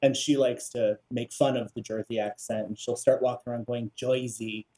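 A man co-hosting a podcast, relaxed and self-deprecating as he tells a story in casual chat. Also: mid-range voice, fairly quick. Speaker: podcast co-host.

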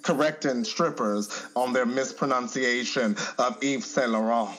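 A man's voice: medium pitch, measured pace. Opinionated man in casual chat. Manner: opinionated, animated, emphatic.

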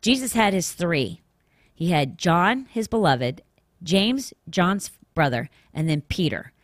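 Woman host, lowish voice, dry close sound, earnest casual Bible teaching. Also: very animated, takes it slowly, no echo. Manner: earnest, conversational, with restarts and emphatic asides. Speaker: podcast host.

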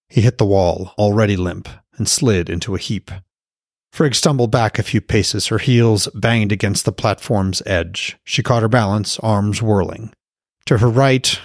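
A man narrating his own fantasy novel aloud in a steady, scripted audiobook reading. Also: fairly low pitch, no room sound, clean studio sound. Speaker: author and podcast narrator.

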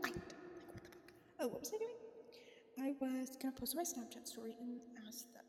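A woman's voice: on the high side, darkish tone, roomy sound, long reverb tail. A woman chatting casually into her phone while lying in bed, rambling and swearing, often dropping to a whisper. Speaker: podcast host.

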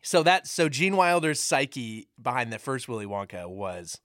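A man's voice: mid-range voice, sing-song, a little slow, fairly bright tone, dry recording, studio quality. A man co-hosting a casual film discussion podcast, playful and joking as he talks. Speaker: podcast co-host.

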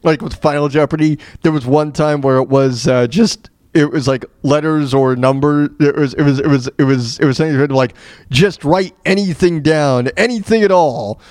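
A man's voice: medium pitch, fairly even intonation, normal speed, hardly any pauses, a little mellow, dry recording, clean studio sound. Rambling man hosting a radio show. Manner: rambling, with many fillers and restarts; laughs at his own retold jokes. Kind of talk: casual storytelling monologue.

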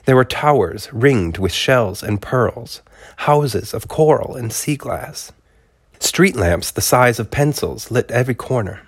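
A man with a cold, hosting a podcast from a home studio and reading a storybook chapter aloud in a relaxed way. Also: medium pitch, unhurried, breathy edge. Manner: relaxed, with fillers and soft laughs. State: has a cold. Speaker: podcast host and narrator. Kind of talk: casual appeal and storybook narration.

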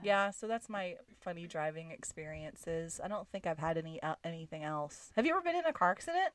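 A woman co-hosting a podcast who tells a story in a casual, animated way and often laughs mid-sentence. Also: fairly low pitch, a little fast. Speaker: podcast co-host.

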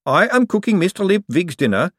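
A man doing a huge female golem, high-pitched, stiff and dutiful, storybook servant. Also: fairly quick, no echo, studio quality, exaggerated voice. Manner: flat, dutiful, quietly defiant.

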